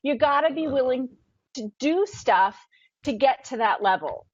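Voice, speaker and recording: Animated woman guest, high-ish and lively, dry lo-fi sound. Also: a little slow, no echo. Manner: excitable, acts out quotes with big pitch jumps. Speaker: podcast guest. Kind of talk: animated storytelling.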